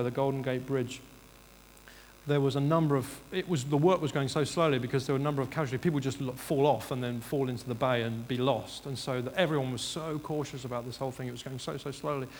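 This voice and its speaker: A man's voice: mid-range voice, brisk, slight background noise. A man preaching a sermon in earnest, rising to emphatic bursts and restarting his sentences. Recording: reverberant hall, faint ambience.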